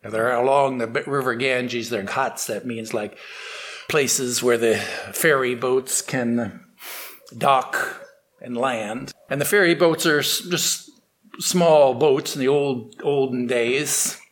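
A man telling a story aloud, unscripted, with restarts and slowed dramatic pacing. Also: medium pitch, steady tone, a bit bright. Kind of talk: oral storytelling.

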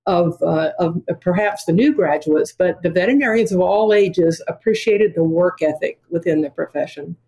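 A woman's voice: fairly low pitch, moderate pace, few pauses, darkish tone, low-quality recording. An older woman, a podcast guest, talking in an enthusiastic and emphatic way. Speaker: veterinary dean, podcast guest. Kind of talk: conversational interview.

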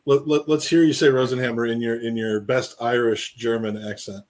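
A male co-host of a casual football podcast, talking in a loose, jokey ramble. His voice sits at an ordinary middle pitch, and he keeps calling out to listeners in the live chat. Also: steady tone, normal speed, a little mellow.

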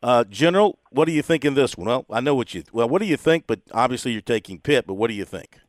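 Animated and quick, this mid-range male voice belongs to a radio sports host chatting casually through his game picks. He reads the spreads jovially and frequently laughs at his guests, and the studio-quality audio has no echo.

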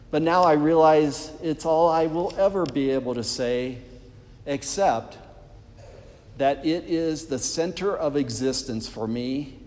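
Addressing his congregation head-on, a man preaches with earnest conviction. The voice is mid-pitched and somewhat dark, resting in a middle register, and the church hall lets it ring out with a long reverb.

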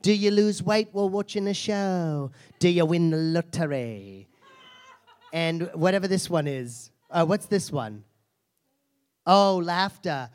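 A man's voice: a little high, measured pace, darkish tone. A man hosting a live comedy show on a theater stage, mock-solemn and abrasive, swearing and laughing at his own jokes.

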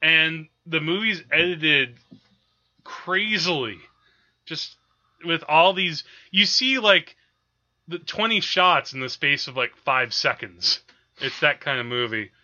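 A male podcast co-host talks casually about films, laughing often and filling pauses with hesitations. His voice is high and strikingly bright, and the dull lo-fi audio muffles it. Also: animated.

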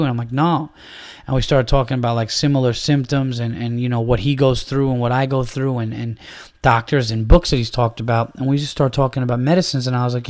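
A man's voice: medium pitch, quick pace. Chatty male podcast host telling a story. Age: adult, began comedy around 2003. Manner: animated, swearing, breaks into loud laughter. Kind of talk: casual solo storytelling.

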